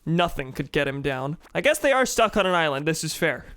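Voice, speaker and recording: A man's voice: a little high, very animated, fairly quick, a bit bright, clear, resonant tone, no echo. Joking young man streaming a game. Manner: joking, swears, reads game dialogue aloud. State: sore throat. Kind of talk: casual gaming commentary.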